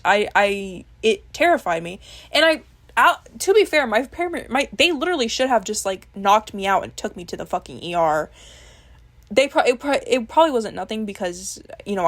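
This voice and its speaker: A young woman vlogger talks candidly to the camera in a casual, confessional chat, swearing freely and laughing at herself. Her mid-range voice swings widely in pitch and moves at a normal speed.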